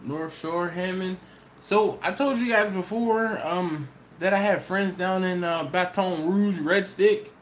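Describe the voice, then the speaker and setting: On this clip the man's voice sits high and moves slowly, with a little hiss or hum behind it. Streaming live for his barbecue channel, the Maryland host rambles through chat answers with plenty of laughs.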